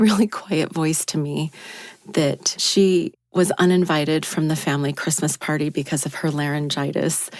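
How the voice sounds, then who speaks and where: A woman with a low voice tells a personal story into a studio microphone on a talk show. The sound is dry and close, with no room around it. She acts out quoted lines, her pitch jumping up when she plays herself. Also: no echo. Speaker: radio show team member. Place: radio studio.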